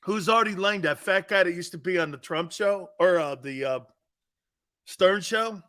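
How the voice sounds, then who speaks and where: A man's voice: high-pitched, normal speed, pushed and bright. A man hosting a sports talk show, brash and joking in casual banter. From Italian-American.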